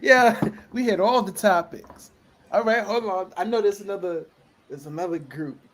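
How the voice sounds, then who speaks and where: A man's voice: high-pitched, moderate pace. A man from Jamaica co-hosting a podcast, arguing playfully in casual banter. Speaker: podcast co-host. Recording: echoey room.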